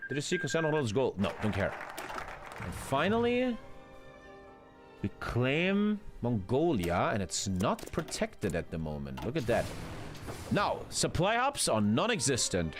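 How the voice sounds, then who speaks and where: A man's voice: huge pitch swings, measured pace. Dude in his 30s streaming a strategy game, voice swings all over, swears loads, bit of music behind. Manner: swears a lot, jumps into loud high yelps. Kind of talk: live gameplay commentary.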